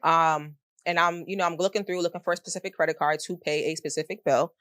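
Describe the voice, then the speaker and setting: Animated storytelling woman, dry close sound. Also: deep voice, fast, dry recording. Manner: animated storyteller, slangy and expressive. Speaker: guest, middle school math teacher. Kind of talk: casual interview conversation.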